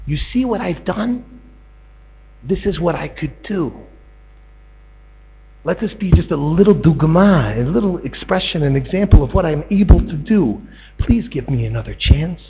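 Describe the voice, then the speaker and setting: A man's voice: fairly high pitch, normal speed, pauses often, slightly rough. A man giving a storytelling sermon, acting out voices in a parable and building to pleading. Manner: animated, acts out voices in a parable, rises to pleading. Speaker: speaker giving a Torah talk. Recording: tinny lo-fi recording with mains hum.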